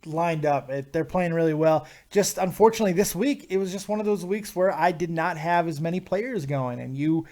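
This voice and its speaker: A man hosting a casual live talk show, talking excitably about fantasy hockey and fights and swearing freely. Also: fairly high pitch, fairly quick, hardly any pauses. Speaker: host.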